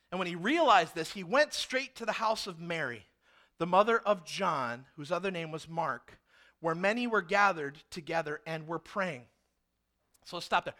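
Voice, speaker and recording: Preaching at a moderate pace, this man's voice sits high as he animatedly recounts a story from the pulpit, voicing each person in it himself.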